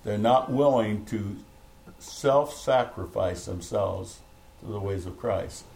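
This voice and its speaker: A man's voice: fairly low pitch, slow pace, gravelly, darkish tone, rough recording. A middle-aged man preaching a fervent, rambling sermon to a small home church, breaking into laughs. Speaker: pastor. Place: home meeting room.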